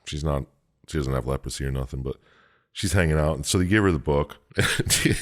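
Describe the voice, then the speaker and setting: Very low male voice, podcast co-host, giggly recap with quick silly character voices. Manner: laughs often, retells with quick silly voices. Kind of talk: casual chat.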